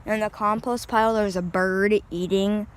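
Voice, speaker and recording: A woman's voice: medium pitch, steady tone, moderate pace, smooth. A young woman chatting casually in a backyard vlog about her guinea pigs, talking informally with lots of fillers and a sweet voice for the animals, filmed on a handheld phone. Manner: chatty and informal, many fillers, sweet baby talk to pets. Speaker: vlogger showing her pet guinea pigs. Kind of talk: casual outdoor vlog narration. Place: outdoors in a backyard.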